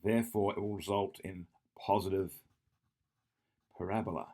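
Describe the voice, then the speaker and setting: Deep-voiced math tutor man, thinking aloud. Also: steady tone, moderate pace, gravelly, dark tone. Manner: thinking aloud, self-correcting, frequent "yeah?" checks. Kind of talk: whiteboard exam walkthrough.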